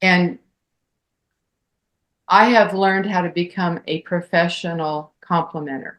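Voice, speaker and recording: Slow-talking woman co-host. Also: fairly low pitch, steady tone, a bit bright. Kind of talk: casual chat.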